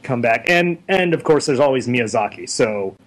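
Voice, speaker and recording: A young man being interviewed, chatting casually and telling stories in a rambling, animated way full of fillers. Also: mid-range voice, moderate pace, poor audio. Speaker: interview guest. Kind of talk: casual chat.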